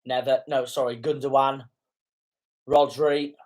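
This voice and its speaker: A man's voice: mid-range voice, flat delivery, a little slow, darkish tone. A young man giving live reaction commentary on a football match, often indignant and swearing at the referee's calls. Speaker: fan commentator.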